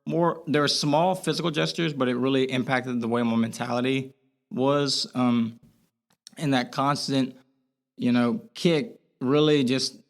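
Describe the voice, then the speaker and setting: An earnest young man rambles through a candid interview as a podcast guest, leaning on "like" fillers and restarting often. His gravelly voice is medium in pitch, fairly even and a little slow.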